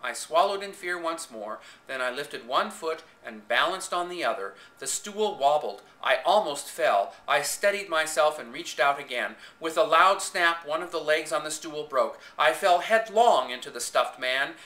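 A man's voice: on the high side, expressive, normal speed, few pauses, sharp tone. A man reading a story aloud in the first person with dramatic expression, recorded on a home camcorder in an echoey room. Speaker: reader.

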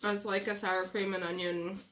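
A woman's voice: medium pitch, little pitch movement, moderate pace, background noise. A woman hosting a casual snack-tasting vlog, laughing often as she reads the packages. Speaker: vlog host.

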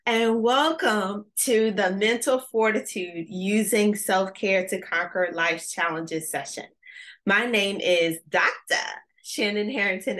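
A woman giving an energetic, playful motivational talk with call-and-response to a virtual audience. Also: fairly low pitch. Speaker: conference speaker.

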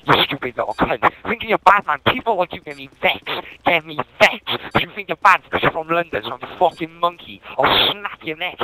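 A man from Wales in angry in-game voice chat, shouting threats and swearing heavily. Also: on the high side, big pitch swings, a little fast, few pauses, no echo, rough recording. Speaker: online gamer.

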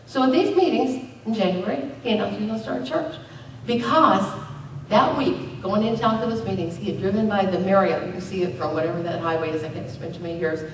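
A middle-aged woman pastor with a mid-range voice speaks fairly quickly in a church sanctuary, preaching conversationally with emphatic bursts. The distant, very echoey recording carries a little hiss or hum.

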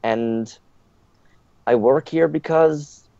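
A man voicing a young female maid with a put-on French accent, speaking haltingly. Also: medium pitch, vocal fry, mellow, no echo, voice pushed up. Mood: resigned. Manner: hesitant, halting. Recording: dull lo-fi dry mic.

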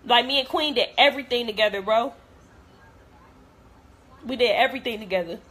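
A woman's voice: a little high, a little fast, a bit bright. A young adult woman vlogger in a blunt, profane, hurt and heartfelt rant to camera.

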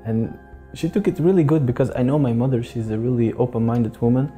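Fast-talking man, dark-toned. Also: medium pitch, faint music behind. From Belgium. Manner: earnest, fluent with restarts and pious phrases. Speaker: interviewee, convert. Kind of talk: personal storytelling in an interview.

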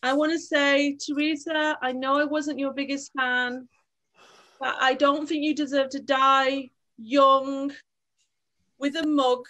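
A woman's voice: sits high, little pitch movement, takes it slowly, sharp tone, exaggerated voice. A woman playing an earnest mourner giving a eulogy in an improvised comedy scene. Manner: earnest, sincere speechmaking.

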